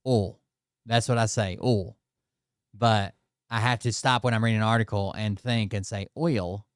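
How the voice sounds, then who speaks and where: Swearing appalachian guy ranting on a reaction show, crisp dry mic. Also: on the low side, steady tone, a little fast, dry recording. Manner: profane, ranting, exasperated. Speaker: commentary host. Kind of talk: reaction commentary.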